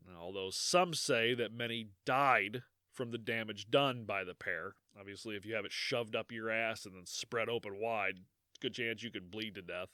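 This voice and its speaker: A man co-hosting a podcast, telling a dark history in a joking, rambling way and laughing often. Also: fairly low pitch, normal speed, no room sound, studio quality. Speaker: podcast co-host. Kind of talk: casual podcast chat.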